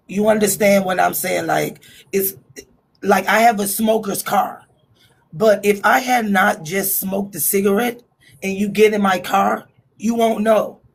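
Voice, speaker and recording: A woman calling in to a panel chat, with a raspy smoker's voice, talking frankly and holding back on private matters. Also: medium pitch. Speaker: panel caller. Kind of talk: casual chat.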